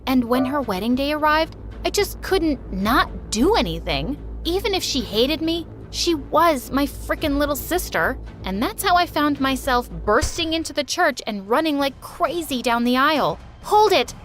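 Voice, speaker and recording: A woman's voice: sits high, animated, normal speed, a bit bright, soft background music. A woman narrating a first-person story in a chatty, conversational way.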